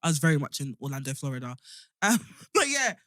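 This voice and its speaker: A young woman with a London accent chats on a podcast, telling stories with animated energy. Her voice is bright and forward, recorded close and dry with no room sound. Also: low-pitched, fast, no echo. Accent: London English. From England. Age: young adult. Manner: animated storyteller, acts out voices. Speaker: podcast co-host. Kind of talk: casual chat.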